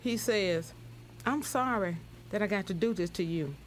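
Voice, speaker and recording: An older woman recounting her experience in documentary testimony, halting and repeating words as she goes. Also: mid-range voice, slight background noise. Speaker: crime survivor interviewee.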